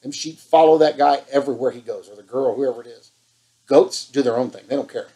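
A man's voice: mid-range voice, a little fast, mellow, rough recording. Fired-up man preaching. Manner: fired-up, scolding, emphatic repetition. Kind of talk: impassioned online sermon.

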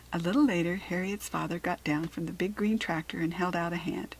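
An American woman reading a children's storybook aloud in a gentle, careful way. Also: lowish voice, fairly even intonation, fairly quick, hardly any pauses, slightly rough, poor audio. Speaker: children's book reader.

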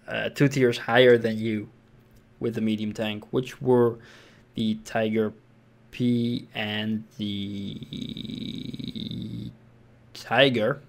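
Man giving casual tank game commentary. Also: mid-range voice. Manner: relaxed, thinking aloud with fillers and restarts. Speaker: gameplay commentator.

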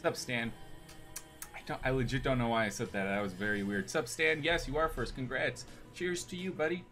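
A man's voice: medium pitch, normal speed, pushed and bright, soft background music. A man live-streaming a game, chatting casually with viewers in an upbeat, rambling way. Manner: upbeat, greets chat, rambling with restarts. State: hyped on energy drink.

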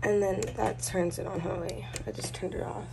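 A woman's voice: mid-range voice, steady tone, fairly quick, gravelly, background noise. Chatty pregnant woman showing a nursery. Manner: chatty, self-correcting, gushing. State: heavily pregnant, a bit out of breath. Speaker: vlogger. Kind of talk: casual room tour. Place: baby's room at home.

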